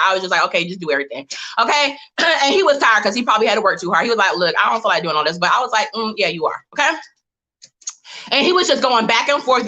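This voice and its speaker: Bright-voiced woman giving a motivational talk. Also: mid-range voice. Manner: lively, direct, talks straight to the audience as "y'all". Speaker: panel speaker on a live motivational stream. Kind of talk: motivational talk with personal stories. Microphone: webcam or phone mic on a live stream.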